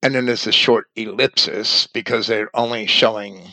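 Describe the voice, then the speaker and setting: A man's voice: on the low side, steady tone, normal speed, gravelly, sharp tone, no room sound, poor audio. A man reading an article aloud and commenting on it as a religious teacher, spelling out names letter by letter.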